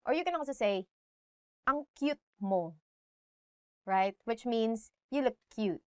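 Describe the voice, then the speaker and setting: A woman's voice: a little high, animated, slow pace, a little mellow, smooth, no echo, studio quality. Chatty woman teaching phrases. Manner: chatty, laughs often, switches between Filipino and English. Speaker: language teacher host. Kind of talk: casual language lesson.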